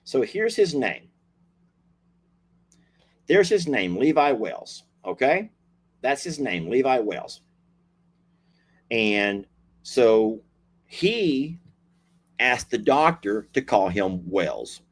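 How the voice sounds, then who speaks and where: A man's voice: medium pitch, sing-song, extremely slow, pauses often, slightly rough. A man hosting a casual video, chatting playfully and repeating himself as he signs off. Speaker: host.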